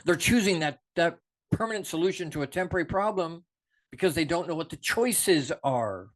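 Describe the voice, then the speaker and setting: A middle-aged man hosting a show, giving an unscripted, passionate motivational talk that swings between soft reflection and emphatic urging. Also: fairly high pitch, expressive, normal speed.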